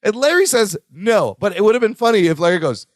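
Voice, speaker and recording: A man's voice: high voice, sing-song, fast talker, no echo, studio quality. A man co-hosting a podcast, recapping a sitcom episode in casual chat, acting out the characters' lines and laughing often. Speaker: podcast co-host.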